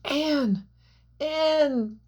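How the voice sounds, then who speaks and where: A desperate young man clings to a mountain edge, crying out loud pleading shouts, as a woman narrator voices him. The delivery is unhurried and measured, with an even middle pitch. It sounds like a read storybook. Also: husky.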